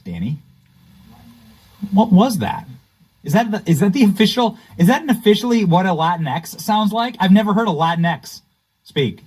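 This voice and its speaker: Host, male, mocking commentary, lively swooping pitch, a bit high. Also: slightly rough, poor audio. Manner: sarcastic, mocking. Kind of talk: political commentary.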